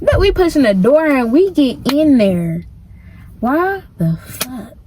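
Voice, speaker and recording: High, animated woman telling a story. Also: takes it slowly, a little hiss or hum. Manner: animated, slangy, emphatic. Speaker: storyteller vlogger. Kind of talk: casual storytime.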